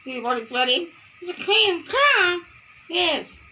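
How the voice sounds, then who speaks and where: A woman's voice: very high voice, sing-song, slow, sharp tone, a little hiss or hum. A woman teaching a phonics lesson to young children, playful and sing-song, repeating words for them to copy.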